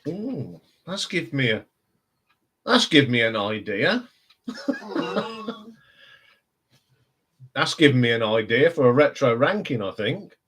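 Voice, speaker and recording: A man's voice: mid-range voice, sing-song, slow, pauses often, a bit bright, husky. A man with a Northampton accent, hosting a casual live stream chat and rambling with frequent laughs. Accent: Northampton English. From England. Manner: chatty, rambling, laughs often.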